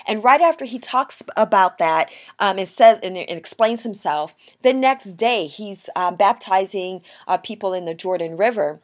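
A woman's voice: medium pitch, moderate pace, hardly any pauses. A woman preacher reading scripture aloud and then explaining it in a casual, talkative sermon, full of fillers and restarts.

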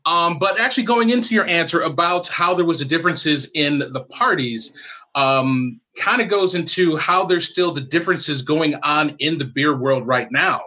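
A man hosting a casual podcast interview, laying out long questions in a relaxed way. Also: a little high, normal speed. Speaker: podcast host. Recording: dull, slightly muffled.

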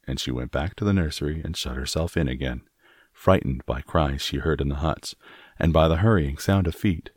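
Male audiobook narrator, extremely deep voice, dry close sound, steady storytelling. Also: no room sound. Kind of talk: scripted narration.

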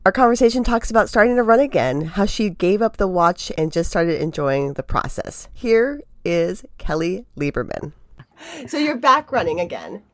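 A woman hosting a podcast and interviewing a guest, upbeat and expressive, a running coach by trade. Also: fairly low pitch, normal speed, no echo, studio quality.

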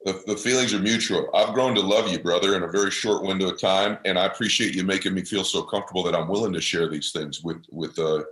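A man's voice: low voice, steady tone, quick pace, few pauses, fairly bright tone, roomy sound, poor audio. A middle-aged man and podcast guest, telling a personal story in an intense, passionate and earnest way. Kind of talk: motivational storytelling.

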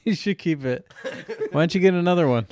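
A man's voice: fairly high pitch, brisk, darkish tone, dry recording. A man co-hosting a podcast, teasing his friends in dry, easy banter. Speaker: podcast co-host. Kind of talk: casual banter.

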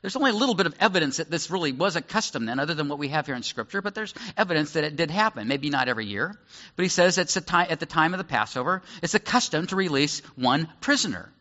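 A man's voice: a little high, lively intonation, fast, bright, forceful tone. A man, a pastor, giving a conversational sermon that explains Bible passages and acts out their scenes. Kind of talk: sermon, verse-by-verse Bible teaching. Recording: echoey hall, slightly dull sound.

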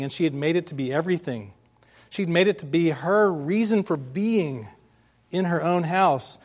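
Conversational preacher, slightly high voice. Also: male voice, a little mellow. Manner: conversational preaching, asks the congregation questions. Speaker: pastor. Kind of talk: sermon.

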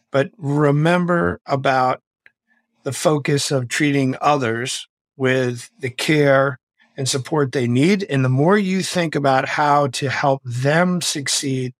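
A man's voice: medium pitch, dry recording. A middle-aged man, a former Navy SEAL and author, telling stories energetically as a podcast guest. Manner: energetic, motivational, animated storytelling. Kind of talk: podcast interview storytelling.

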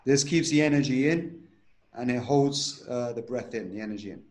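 A man explaining a breathing method step by step, at a medium pitch. He repeats points and keeps asking "right?". The room around him is echoey. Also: normal speed, a little mellow. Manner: instructive, repeats himself, checks with "right?". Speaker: breathwork teacher, guest. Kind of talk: explaining a technique in an interview.

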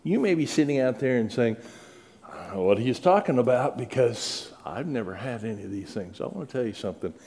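A man's voice: medium pitch, lively intonation, fairly quick, a little mellow. Middle-aged male preacher, earnest and pleading delivery with dramatic peaks. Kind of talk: sermon.

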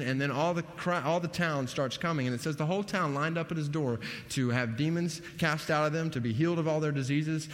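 A man preaching a sermon, animated, his voice rising emphatically on key points. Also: a little high. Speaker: pastor. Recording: long hall reverb.

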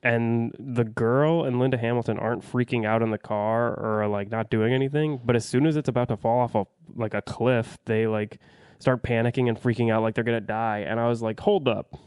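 A man's voice: medium pitch, fairly even intonation, a little fast, darkish tone, clean tone, dry recording, studio quality. A man giving a casual, rambling movie review, blunt and profane, full of fillers and restarts.

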